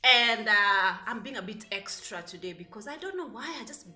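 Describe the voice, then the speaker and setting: A woman's voice: medium pitch, normal speed. Sassy chatty woman vlogging in an echoey room. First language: not English. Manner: sassy, animated, many fillers. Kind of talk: casual chatty vlog. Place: apartment in the United Arab Emirates. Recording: echoey room, faint music.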